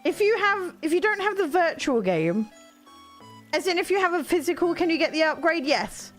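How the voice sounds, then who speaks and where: Lively high-voiced woman streaming. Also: normal speed, faint music behind. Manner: chatty, reacts to viewers' comments. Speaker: streamer playing a video game. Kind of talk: casual live-stream chat.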